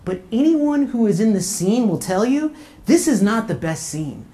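A woman working through a stand-up set with a sarcastic, punchy delivery. Her voice sits a little high. She keeps tagging the punchlines with quick "okay?" and "right?" asides. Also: sing-song, mellow. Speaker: stand-up comedian. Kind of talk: stand-up comedy routine. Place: comedy venue with live audience.

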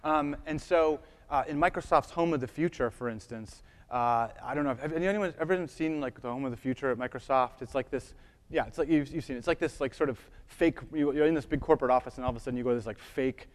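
A man's voice: medium pitch, fast. Chatty man lecturing in a hall. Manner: casual, many fillers, checks in with audience. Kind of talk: conference talk.

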